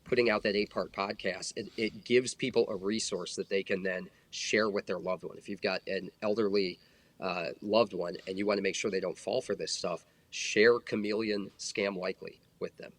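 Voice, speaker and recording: A man's voice: on the low side, fairly even intonation, normal speed. A man in his forties, a former federal agent, talking earnestly in a casual podcast conversation with many fillers. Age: 40s.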